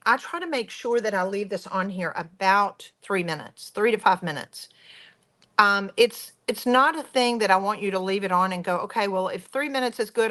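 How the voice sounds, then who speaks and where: A woman's voice: medium pitch, fairly bright tone. A woman hosting a craft tutorial, chatty and enthusiastic as she talks viewers through each step. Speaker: craft workshop host.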